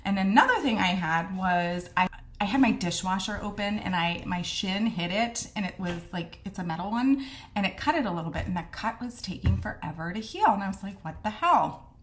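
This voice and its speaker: A woman's voice: medium pitch, fairly quick, a little hiss or hum. A middle-aged woman, a midwife, telling her story casually and candidly, acting out the things people said to her. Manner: candid and animated, acts out quoted exchanges.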